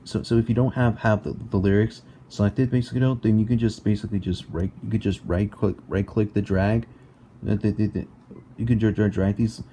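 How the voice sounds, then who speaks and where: A young man explaining a music game tutorial in a halting way, repeating words and filling with "basically" and "like", recorded on a laptop mic at home. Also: lowish voice, steady tone, warm tone, slight background noise. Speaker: tutorial maker. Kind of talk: casual screen-recorded tutorial.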